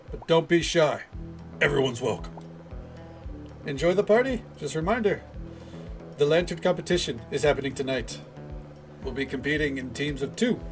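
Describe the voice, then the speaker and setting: A man voicing a cheerful French woman hosting a beach festival, with a deliberately clumsy put-on French accent and a bubbly, welcoming announcer tone. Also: a little high, close to an everyday voice. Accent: put-on French accent, poorly done. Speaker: reading game dialogue aloud.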